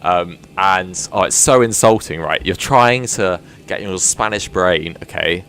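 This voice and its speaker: Low-voiced British man streaming chat. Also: unhurried, fairly bright tone, a little hiss or hum. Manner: rambling, self-deprecating, chatty asides. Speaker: flight sim live streamer. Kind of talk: casual live-stream chat.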